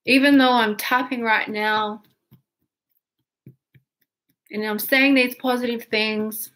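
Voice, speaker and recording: Higher-voiced woman coaching tapping. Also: steady tone, fairly bright tone. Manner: slow, soothing affirmations, then voicing frustration. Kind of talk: guided tapping session.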